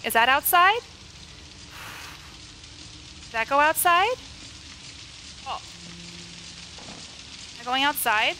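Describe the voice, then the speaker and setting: A woman's voice: sits high, animated, slow, long pauses, bright, forceful tone, slight background noise. A woman streaming a horror game live from her couch at home, easily startled, giggly and chatty with viewers and her dog, close to the microphone. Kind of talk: live gameplay commentary.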